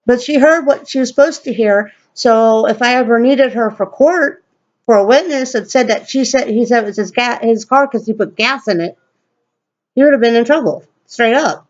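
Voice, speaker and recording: A woman telling a story to a camera at home, blunt and profane, acting out quoted lines in a higher voice. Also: normal speed, lo-fi sound. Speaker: vlogger. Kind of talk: casual storytelling rant.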